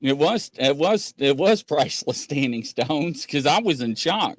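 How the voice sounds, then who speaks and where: A man co-hosting a casual livestream, chatting with viewers in an animated way and often laughing as he acts out conversations. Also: a little slow, dry recording. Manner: animated, laughing, acts out quoted exchanges in a higher voice. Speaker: livestream co-host.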